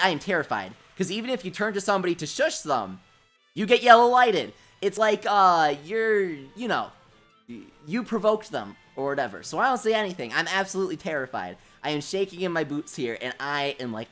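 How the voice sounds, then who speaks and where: A young man hosts a gaming livestream and chats through rambling childhood anecdotes. His pitch swings widely as he jokes, says "dude" and laughs at himself. Quiet game music plays underneath. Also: sing-song, brisk. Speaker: livestream host. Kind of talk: casual gaming livestream storytelling.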